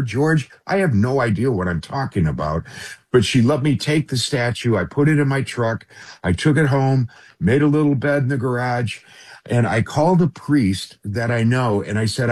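A man's voice: medium pitch, a little mellow, slightly rough. A man who works in radio, earnestly telling a personal story as a guest in a conversation and often addressing the host by name.

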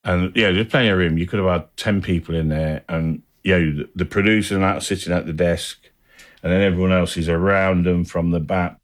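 A man with a rambling, animated storytelling manner, acting out what people said. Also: deep voice, brisk. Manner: rambling, animated anecdotes with acted-out quotes. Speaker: interviewee. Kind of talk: casual storytelling.

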